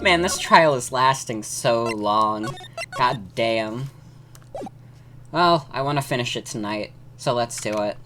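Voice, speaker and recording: A woman's voice: rumbling low, lively intonation, takes it slowly, music in the background. A woman streamer making casual, joking asides while playing a game. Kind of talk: casual gameplay commentary.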